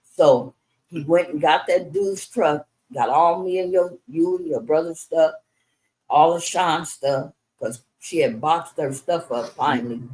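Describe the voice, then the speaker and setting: On a rough recording, a woman with a low-pitched, darkish voice speaks unhurriedly. She is middle-aged and candidly telling her son about her life, conversational and prone to frequent restarts.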